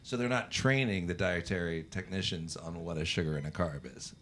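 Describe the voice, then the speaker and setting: Low-voiced man co-hosting a podcast. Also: a little fast, fairly bright tone, a little hiss or hum. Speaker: podcast co-host. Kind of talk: casual podcast chat. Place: hospital room.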